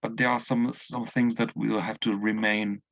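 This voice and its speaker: A man's voice: fairly low pitch, flat delivery, moderate pace, creaky, fairly bright tone, no echo, low-quality recording. A man interviewing a guest about her book, hesitant and repeating words as he restarts. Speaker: interviewer, drama professor. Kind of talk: moderating a conversation.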